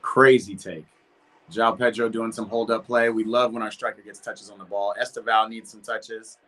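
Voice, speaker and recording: A man's voice: fairly low pitch, normal speed. Chatty young man reacting to football. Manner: animated, chatty, reacting to the match and chat. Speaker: host of a match watch party stream. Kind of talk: casual live reaction chat.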